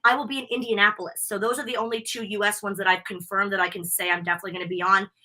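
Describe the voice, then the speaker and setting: An American woman guesting on a wrestling podcast, gushing through stories in an excited, chatty way over a video call. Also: mid-range voice, racing. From United States. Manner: bubbly, gushing storyteller. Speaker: wrestling interviewer and convention host. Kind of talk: excited casual interview chat.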